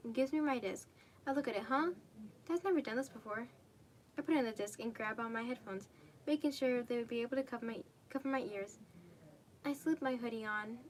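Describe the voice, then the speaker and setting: A woman's voice: on the high side, slight background noise. Young woman reading fanfic with asides. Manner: casual, stumbling, self-correcting, swears. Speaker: fanfic reader. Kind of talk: reading fan fiction aloud with asides.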